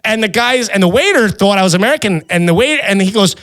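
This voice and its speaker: A man hosting a podcast, telling a story in a casual, animated, swearing and self-mocking way. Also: high voice, fast talker, no echo. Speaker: podcast host.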